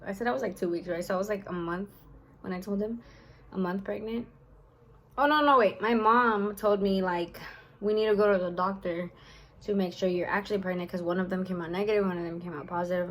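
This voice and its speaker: Over poor audio, a young woman with a medium-pitched voice tells a personal story in a casual vlog. She sounds tired and fills her speech with fillers and swearing.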